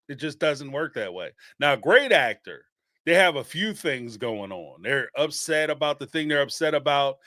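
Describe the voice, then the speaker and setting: A man hosting a reality-TV call-in show, giving sarcastic, animated commentary and laughing often. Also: fairly high pitch, no room sound, clean studio sound. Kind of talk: casual commentary.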